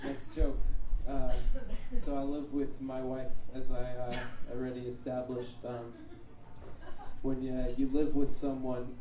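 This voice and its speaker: Slow, halting male stand-up comic. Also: mid-range voice, very noisy. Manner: halting, filler-heavy deadpan delivery. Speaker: stand-up comedian. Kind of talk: stand-up comedy set. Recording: roomy, distant, faint ambience.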